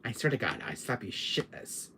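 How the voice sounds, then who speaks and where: A man hosting a comedy skit in a villain persona, talking gruff and threatening, swearing often. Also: fairly low pitch, big pitch swings, normal speed, sharp tone. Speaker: channel host in a villain persona. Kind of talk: comedic improvised character skit.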